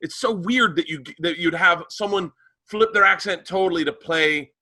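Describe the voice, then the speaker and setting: A man's voice: sits high, normal speed, sharp tone. A man co-hosting a podcast, rambling and stammering through stories in casual banter. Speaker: podcast co-host.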